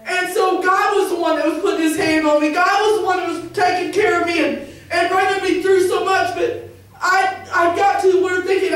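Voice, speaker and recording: A woman with a Southern Illinois accent giving an earnest church testimony, halting and restarting, rising into fervent cries. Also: very high-pitched, fairly even intonation, fairly bright tone, distant mic. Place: church sanctuary. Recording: very echoey church, recorded from afar.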